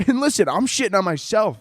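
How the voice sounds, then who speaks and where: A man's voice: sits high, sing-song, moderate pace, a bit bright, husky, no echo, clean studio sound. Crude, rambling twenty-year-old man. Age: 20s. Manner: crude, rambling, laughs often, swears a lot. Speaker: podcast host. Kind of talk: casual comedic monologue.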